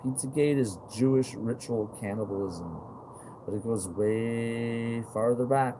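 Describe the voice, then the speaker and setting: A man's voice: medium pitch, unhurried, background noise. A man talking straight to his viewers in a rambling monologue, agitated and profane, full of fillers and repeated questions.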